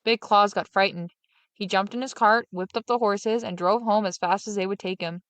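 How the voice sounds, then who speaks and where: A woman reading a fairy tale aloud in steady, expressive narration. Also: mid-range voice, normal speed, no room sound. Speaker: storyteller.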